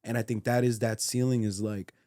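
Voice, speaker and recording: A man's voice: medium pitch, flat delivery, fairly quick, dark tone, dry recording, clean studio sound. Blunt emphatic podcast man. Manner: blunt, emphatic, profane opinions. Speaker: podcast co-host. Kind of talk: casual podcast chat.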